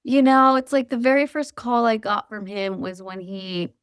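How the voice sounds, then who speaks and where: A woman's voice: a little high, clean tone, dry recording, studio quality. Reflective middle-aged woman guest. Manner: earnest, reflective, halting with restarts. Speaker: podcast guest. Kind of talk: casual chat.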